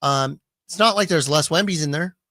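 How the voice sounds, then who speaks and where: A man hosting a sports card radio show, chatting casually and lively, often slipping into quick comic voices. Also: fairly high pitch, dry recording. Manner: animated, slips into quick comic put-on voices.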